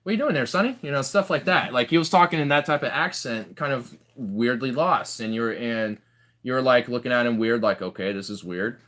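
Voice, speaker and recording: A man's voice: lowish voice, fairly bright tone. A young man in casual chat, rambling through stories with lots of fillers and restarts. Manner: rambling, filler-heavy storytelling.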